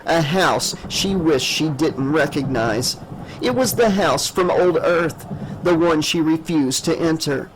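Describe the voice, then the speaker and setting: Male audiobook narrator, a bit high-voiced, measured and dramatic horror reading. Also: animated, a little hiss or hum, rough recording.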